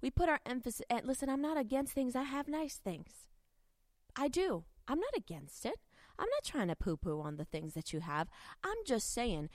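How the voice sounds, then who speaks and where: A woman's voice: mid-range voice, very animated, normal speed, no room sound. A woman evangelist hosting a podcast, teaching from the Bible in a casual, filler-heavy way with bits of street slang, at a studio mic. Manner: chatty and informal, with many fillers and street slang. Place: podcast studio with a co-worker present.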